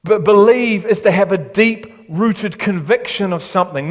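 A man's voice: high voice, normal speed. Preaching man in a reverberant hall. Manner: emphatic preaching that drops to a hushed, soft delivery. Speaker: pastor. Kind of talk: sermon.

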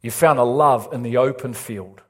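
A male pastor preaching an excitable, animated sermon with big swings in pitch. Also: normal speed.

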